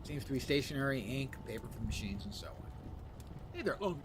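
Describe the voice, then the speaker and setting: A man's voice: mid-range voice, very animated, fairly quick. A man streaming a puzzle game live, reading its text aloud, muttering to himself and making dry jokes to his chat. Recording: audible background noise.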